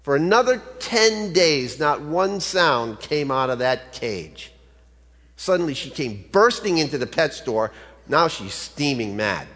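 A man's voice: fairly high pitch, big pitch swings, unhurried, fairly bright tone. Conversational man preaching in a hall. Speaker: pastor. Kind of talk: sermon. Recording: long reverb of a large hall.

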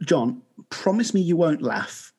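A man's voice: on the high side, big pitch swings, unhurried, a little mellow, husky. A man hosting a podcast, chatting casually, joking and teasing, with frequent laughter. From Birmingham, England. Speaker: podcast host.

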